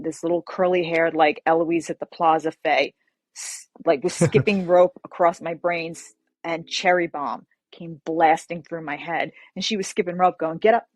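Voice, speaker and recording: A woman novelist as an interview guest, telling animated stories and acting out quotes. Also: deep voice, normal speed, no room sound. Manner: animated storyteller, acts out quotes. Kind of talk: casual interview chat.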